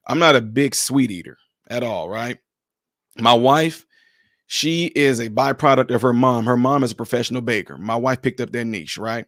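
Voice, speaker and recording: Animated man telling relationship stories in casual talk. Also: mid-range voice, dry recording, studio quality. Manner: animated storyteller, acts out dialogue in other voices. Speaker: podcast panelist giving relationship advice.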